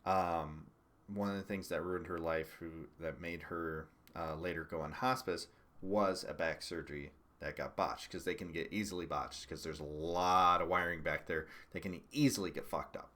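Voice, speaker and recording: Brief: young male streamer, low-ish voice, casual, sarcastic, profane, quick to laugh. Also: fairly even intonation, pushed and bright. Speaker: livestream political commentator. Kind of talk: casual livestream commentary.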